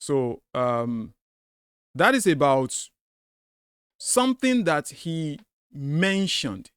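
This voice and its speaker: Male commentary host, high-pitched, insistent and repetitive, close and dry sound. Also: sing-song, drawn-out words, clean tone, no room sound. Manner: emphatic, repeats his points. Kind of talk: commentary on a debate clip.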